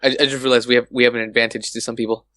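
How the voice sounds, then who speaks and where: A Californian American man chats casually on a gaming podcast. His pitch is mid-range and he sounds easygoing, often breaking into laughter. The recording is dry, with no room echo. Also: flat delivery, racing, sharp tone. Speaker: podcast co-host. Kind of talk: casual chat.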